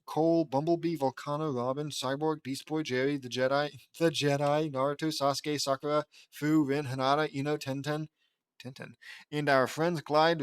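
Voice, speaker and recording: A man's voice: fairly high pitch, no echo. A man reading his fan fiction aloud, stopping often to rant and laugh at it with stumbling restarts.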